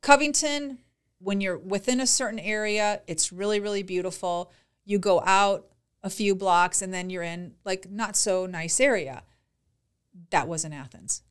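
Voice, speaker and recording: A woman's voice: mid-range voice, unhurried, clean tone. Chatty woman retelling a trip. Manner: chatty, animated retelling with lots of "like" and quoted dialogue. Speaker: podcast co-host. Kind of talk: casual chat, storytelling.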